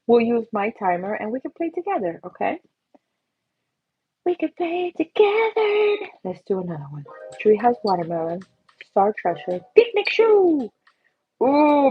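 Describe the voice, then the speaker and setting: A woman's voice: a little high, breathy edge. Bubbly woman hosting a drawing stream. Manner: bubbly, excitable, talks to viewers while drawing. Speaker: livestream doodling host. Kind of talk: casual live drawing stream. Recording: slightly muffled, faint music behind.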